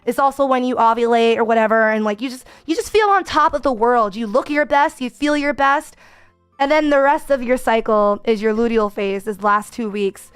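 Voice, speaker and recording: High-voiced candid young woman streamer. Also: moderate pace, clear, resonant tone, faint music behind. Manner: candid, chatty and expressive. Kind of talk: casual chat.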